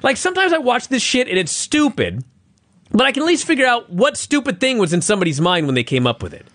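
A man's voice: huge pitch swings, quick pace, fairly bright tone, no echo. A man co-hosting a casual chat, ranting in exasperated, profane bursts. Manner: exasperated, profane, ranting with sudden high outbursts. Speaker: podcast co-host.

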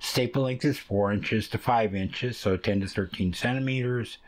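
A man's voice: fairly low pitch, normal speed. A man hosting a casual hands-on fiber arts tutorial, rambling along with plenty of ums and uhs as he reads and handles wool. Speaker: fiber arts channel host.

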